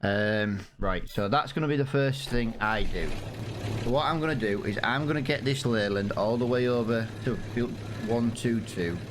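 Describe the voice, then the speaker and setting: A man's voice: mid-range voice, normal speed, noisy background. A man giving casual, rambling let's-play commentary over a farming game, with many fillers and restarts. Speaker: gaming YouTuber.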